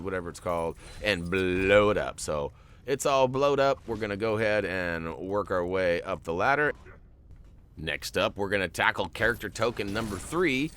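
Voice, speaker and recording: A man's voice: low-pitched, fairly bright tone, slight background noise. A man hosting a video game walkthrough, chatting casually and joking with viewers. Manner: jokey, chatty, talks to viewers. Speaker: gaming walkthrough host.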